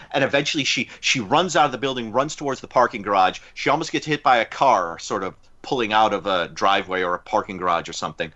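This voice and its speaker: A man recaps a movie plot on a casual podcast, rambling a little and acting out snippets of dialogue. His tone is bright and sharp, and the recording sounds dull and lo-fi. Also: medium pitch. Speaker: podcast co-host.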